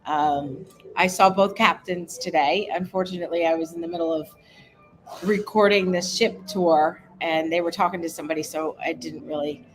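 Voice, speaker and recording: A middle-aged woman on a casual livestream, thanking viewers by name and wandering through little details of her day. Her voice sits a bit low for a woman. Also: fairly even intonation, normal speed, noisy background. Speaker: cohost of a cruise travel livestream. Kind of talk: casual live chat reading viewer comments.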